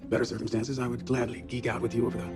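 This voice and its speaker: Actor playing a veteran ship engineer, blunt and keen about machines; film sound with music. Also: male voice, mid-range voice, level tone, rapid-fire, close to an everyday voice.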